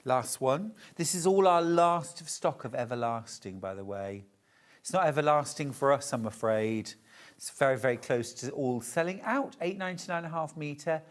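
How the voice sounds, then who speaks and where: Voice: medium pitch, animated, moderate pace. A shopping channel presenter, chatting and gushing over fabrics during a live TV sale.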